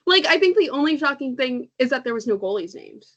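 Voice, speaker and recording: A woman's voice: sits high, animated, moderate pace, a bit bright, dull audio. A woman co-hosting a casual podcast, chatty and laughing often, stumbling over names as she reads them out. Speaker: podcast co-host. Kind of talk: casual chat.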